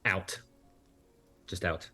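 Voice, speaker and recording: A man's voice: drawn-out words, sharp tone, faint music behind. Game master man narrating casually. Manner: casual, hesitant narration with fillers.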